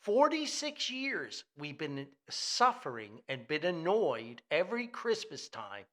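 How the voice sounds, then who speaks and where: A man's voice: a little high, huge pitch swings, slow, bright, forceful tone. A man hosting a solo comedic commentary podcast, rambling and self-deprecating, laughing often and restarting his sentences. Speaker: podcast host.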